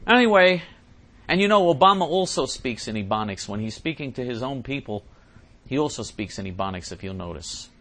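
Brief: man hosting a talk show, mid pitch, emphatic, repeats his points. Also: lively intonation, brisk, fairly bright tone. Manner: emphatic and repetitive. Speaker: radio host answering listener mail.

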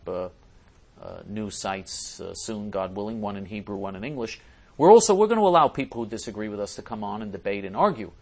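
A talk show host with a mid-range voice reads listener messages aloud and responds emphatically, often repeating and restarting his phrases.

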